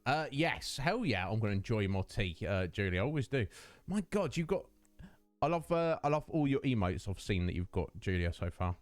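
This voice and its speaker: A man in his late thirties chats with his stream viewers, his pitch bouncing up and down as he greets them one by one. The sound is dry and close, with faint music underneath. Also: very animated, moderate pace, no echo. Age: 30s. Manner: chatty, greets viewers by name, laughs often. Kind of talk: casual chat with livestream chat.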